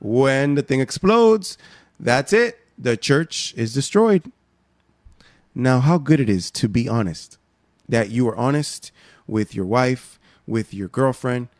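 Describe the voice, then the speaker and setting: A man preaching a sermon, emphatic, swinging from soft asides to raised exhortations. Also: medium pitch, dry recording, studio quality.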